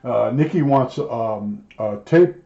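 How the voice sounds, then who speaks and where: Older male storyteller, mellow voice, loose and chatty, dull roomy home recording. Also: mid-range voice, animated, slow, creaky. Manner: rambling, conversational, with many fillers and restarts. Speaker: storyteller recalling his factory job. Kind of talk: casual spoken memoir.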